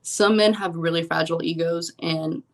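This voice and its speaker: Chatty young woman, low-ish voice. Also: fairly even intonation, normal speed. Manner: chatty storyteller, lots of "like" and "um". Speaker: professional poker player, podcast guest. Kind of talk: casual interview chat.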